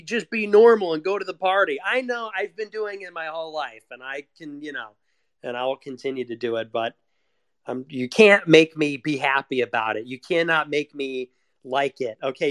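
A man's voice: fairly high pitch, a bit bright, clear, resonant tone, no room sound, studio quality. A young man in a casual confessional monologue, rambling and self-deprecating, with frequent swearing. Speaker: vlogger.

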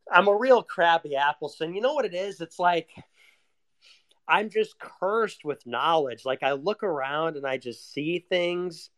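A young man with a somewhat high voice, rambling in a casual, sardonic rant. He swears freely and breaks into laughs between complaints.

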